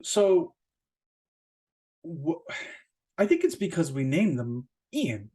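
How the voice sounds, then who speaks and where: A man hosting his own podcast in a casual solo rant. He swears a lot, rambles with fillers and restarts, and jumps up in pitch to stress a point. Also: moderate pace, husky. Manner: animated, jumping up in pitch for emphasis. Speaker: podcast host.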